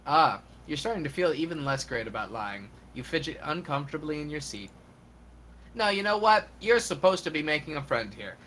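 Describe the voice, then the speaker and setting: A streamer reading a game's narration aloud in a lively live stream, with comic emphasis. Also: medium pitch, fairly quick, a little hiss or hum.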